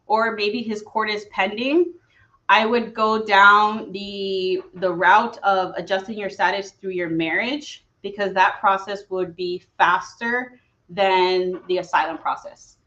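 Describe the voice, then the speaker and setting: A woman's voice: medium pitch, a bit bright, lo-fi sound. A woman in her thirties, an immigration attorney, talking earnestly and personally in a live question-and-answer stream, with frequent fillers.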